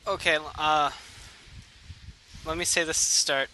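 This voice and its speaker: A man on a casual voice-call podcast, making quiet, laid-back asides. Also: fairly high pitch, steady tone, a little slow. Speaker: podcast co-host. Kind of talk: casual chat over a voice call. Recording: noisy voice-call mic with clicks.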